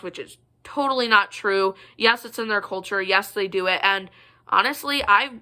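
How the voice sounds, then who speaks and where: Young woman, bright voice, chatty rambling vlog storytelling. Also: mid-range voice, moderate pace. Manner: chatty, rambling, many fillers and asides. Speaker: vlogger. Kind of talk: casual storytelling to camera.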